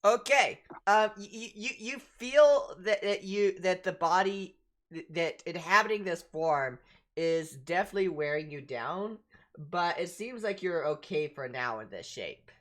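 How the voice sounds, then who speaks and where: A woman's voice: on the low side, expressive, a little slow. A woman narrating as game master of a tabletop game, restarting her sentences often.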